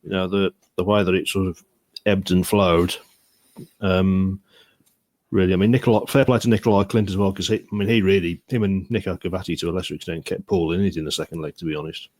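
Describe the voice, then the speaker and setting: Fast-talking low-voiced man. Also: fairly even intonation, a little mellow, dry recording. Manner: quick, full of fillers, says "to be fair". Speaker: podcast co-host. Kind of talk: casual chat.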